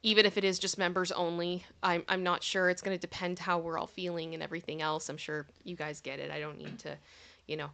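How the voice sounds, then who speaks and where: A woman hosting a casual livestream, chatting warmly with viewers and thanking them by name, sometimes giggly. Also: lowish voice, flat delivery, fast talker, gravelly. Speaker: livestream host.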